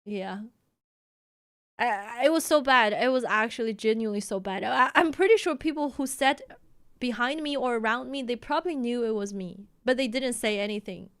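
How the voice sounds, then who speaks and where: A woman's voice: fairly high pitch, normal speed, a bit bright, smooth. A young woman from China, telling a story casually on a stream and laughing often.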